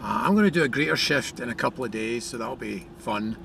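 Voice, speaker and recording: A man's voice: medium pitch, lively intonation, quick pace, vocal fry. A man vlogging outdoors with a handheld camera, chatty and jokey, giggling at his own remarks. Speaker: vlogger filming at a festival. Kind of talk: playful handheld vlog narration. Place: outdoors in the desert. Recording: outdoor noise behind.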